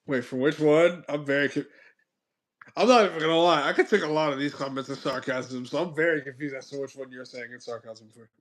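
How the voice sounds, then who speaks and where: A man's voice: on the high side, brisk. A man hosting a stream in casual chat, rambling and hedging as he thinks aloud. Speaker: streamer host.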